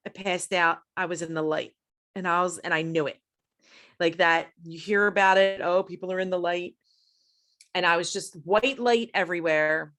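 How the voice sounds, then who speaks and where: A middle-aged woman, a podcast guest, telling a personal story in a high-strung, animated way, jumping in pitch when she quotes herself. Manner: animated, acts out quoted voices with big pitch jumps; high-strung, fast-talking. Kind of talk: storytelling in an interview.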